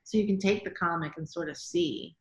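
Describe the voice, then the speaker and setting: A woman director speaking in an interview, telling animated stories full of quoted reactions and frequent "like"s. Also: fairly low pitch, a little fast, roomy sound, dull audio. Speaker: guest, TV director. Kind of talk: casual interview storytelling.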